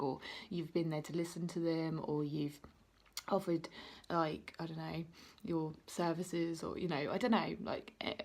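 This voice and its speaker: A woman's voice: lowish voice, vocal fry, a little mellow. A woman giving an intuitive card reading to her viewers. She talks in a chatty, rambling way, full of "like" and "you know", and she encourages the viewer directly. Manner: encouraging, speaking straight to the viewer. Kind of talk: casual card-reading vlog.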